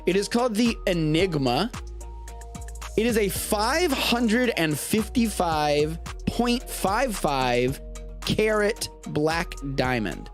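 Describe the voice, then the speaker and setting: An American man hosting a live-streamed show, chatting casually in a rambling, jokey way. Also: a little high. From United States. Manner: rambling, animated, jokey asides. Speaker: podcast host.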